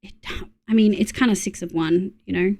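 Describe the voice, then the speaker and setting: A woman's voice: medium pitch, moderate pace, dark tone. A young woman with an Australian accent, chatting casually to her viewers while she plays a game, muttering to herself and swearing when something annoys her. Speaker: streamer. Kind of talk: casual live-stream chat while gaming.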